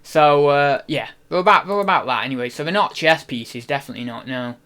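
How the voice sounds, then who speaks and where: A man's voice: on the high side, fairly quick, pushed and bright, smooth. A young man chatting casually on a live stream, rambling and cutting himself off mid-sentence as he jokes. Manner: rambling, self-interrupting, jokey. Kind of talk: casual livestream chat. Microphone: desk microphone.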